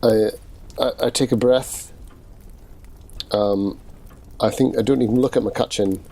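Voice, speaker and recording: A man's voice: medium pitch, fairly even intonation, unhurried, dark tone. A man playing a tabletop role-play game, earnest and thinking aloud. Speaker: player.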